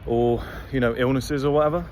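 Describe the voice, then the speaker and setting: A man's voice: mid-range voice, fairly even intonation, a little fast, darkish tone, slight background noise. A man giving a blunt, rambling, profane motivational monologue to camera as host of his own channel. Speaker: motivational vlogger.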